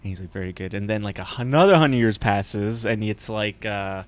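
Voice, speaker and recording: A podcast co-host with a fairly low male voice speaks fairly quickly as he casually retells a show's plot. He rambles, acts out the characters' lines, and laughs often.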